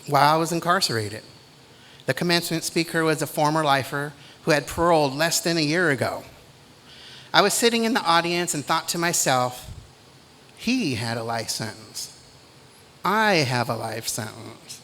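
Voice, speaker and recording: A middle-aged man giving a commencement speech in a measured, deliberate way, with pauses between phrases. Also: on the high side, sharp tone. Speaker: commencement speaker.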